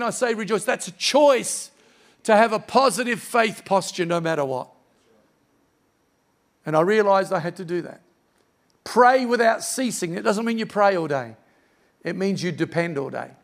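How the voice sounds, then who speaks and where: A middle-aged man preaches a heartfelt sermon in a church. His voice sits high for a man and has a gravelly edge. He speaks earnestly and personally, weaving in scripture. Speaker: pastor.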